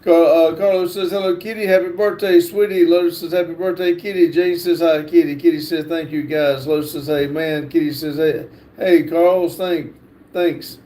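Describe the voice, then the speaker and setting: A man hosting a livestream, reading chat comments aloud in a halting way with fillers and restarts. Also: a little high, fairly even intonation, warm tone. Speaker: livestream host.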